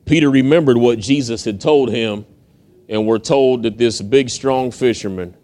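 A man's voice: medium pitch, normal speed, mellow. A man from the United States preaching, retelling a story in a folksy, conversational way with acted-out quotes. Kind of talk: storytelling sermon.

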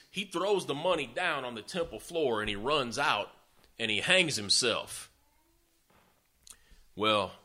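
A man's voice: mid-range voice, pushed and bright. A man preaching a sermon, retelling scripture in a folksy, conversational way with sarcastic asides. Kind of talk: sermon storytelling.

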